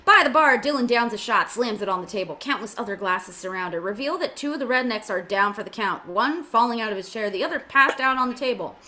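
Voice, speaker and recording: A woman narrates the stage directions of a script in a casual amateur reading and drops in offhand jokes. Her voice is bright and a little high, and her pitch moves a lot. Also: lively intonation, quick pace, few pauses. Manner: reads directions with joking asides.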